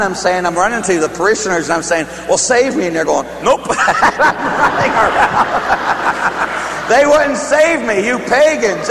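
A man who is a priest, from Pittsburgh, telling stories in a sermon in an animated, laughing way and acting out the voices. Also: extremely high pitch. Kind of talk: storytelling sermon. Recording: echoey hall with faint hum.

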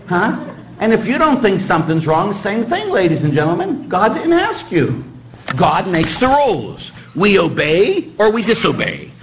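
A middle-aged man, a priest, preaching a sermon in an animated, joking way and acting out little dialogues. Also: high voice, moderate pace, poor audio.

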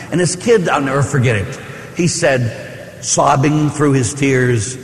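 A middle-aged man preaches a sermon as a priest in a church, telling stories and putting rhetorical questions to the congregation. His voice sits in the mid-range and moves a little slowly, with a slight hiss or hum, and the recording echoes around the church hall.

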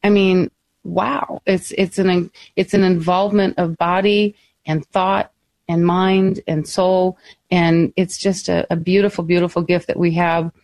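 A woman radio host giving an earnest faith reflection, pausing often with fillers. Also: fairly low pitch, flat delivery, a little mellow, no room sound.

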